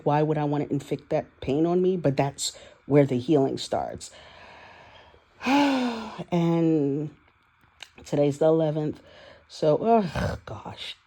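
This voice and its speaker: A woman's voice: deep voice, dark tone. A woman in her forties rambling candidly and emotionally through a personal audio diary, swearing now and then. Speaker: vlogger. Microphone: voice-only recording, no video.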